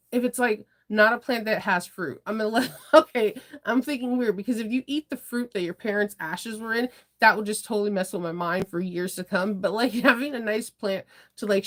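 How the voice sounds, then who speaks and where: A young adult woman hosting a casual sewing livestream, chatting with viewers in a rambling way and laughing often. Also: medium pitch. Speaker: livestream host, sewing shop owner.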